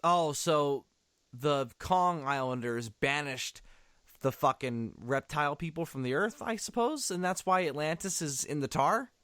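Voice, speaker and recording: A fairly high-voiced man riffs sarcastically through a movie commentary, his pitch swinging widely as he goes. The sound is dry and close. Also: a little slow, clear, resonant tone, dry recording. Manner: animated, sarcastic, swears often.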